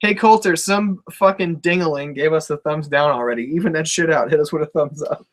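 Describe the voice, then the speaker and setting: A man's voice: a little high, fairly quick. A young man co-hosting a casual wrestling talk show, laid-back and profane, often laughing. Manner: laid-back, swears freely, laughs a lot.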